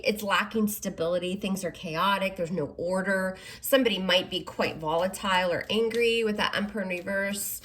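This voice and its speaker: A woman's voice: medium pitch, a bit bright. A woman giving a chatty, reassuring tarot reading, often checking in with the listener with "okay?" and "you know". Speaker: tarot reader. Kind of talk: casual spoken tarot reading. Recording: faint background noise.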